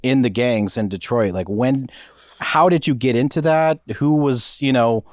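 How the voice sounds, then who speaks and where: A man's voice: mid-range voice, unhurried, a little mellow, no echo, clean studio sound. A man hosting a casual podcast interview, asking rambling questions with restarts.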